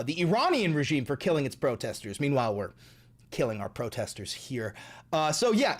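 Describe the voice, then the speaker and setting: Young male streamer, slightly high voice, angry, swearing rant that repeats itself. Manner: angry, profane, repetitive. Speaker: livestream host. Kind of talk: political livestream rant.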